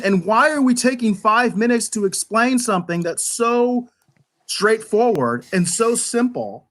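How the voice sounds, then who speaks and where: A man talking through an episode review in a loose, rambling way, often catching on repeated words before pressing on. His voice sits a little high for a man, and his critique is animated and exasperated. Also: measured pace. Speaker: podcast reviewer. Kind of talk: casual review chat.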